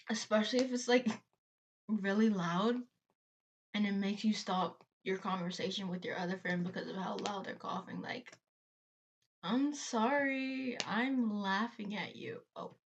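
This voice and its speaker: A woman's voice: mid-range voice, fairly even intonation, normal speed, gravelly, pauses often, highs cut off, a little hiss or hum. A woman hosting a reaction video, chatting casually and rambling into side rants, laughing between her thoughts. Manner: chatty, tangent-prone, laughs between phrases.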